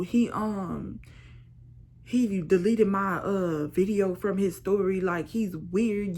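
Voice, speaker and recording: A young woman casually telling a storytime vlog with animated, slangy phrasing. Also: medium pitch, gravelly, breathy edge. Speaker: vlogger.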